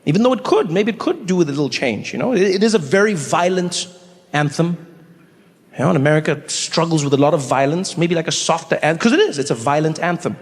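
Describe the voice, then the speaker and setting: Animated male comedian in a big hall. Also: fast. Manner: animated, swings into high shouted voices for imagined people. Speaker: stand-up comedian. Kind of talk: stand-up comedy set, bantering with the crowd. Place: large theater stage. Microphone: handheld stage mic. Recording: live stage mic in a large reverberant venue with faint audience noise.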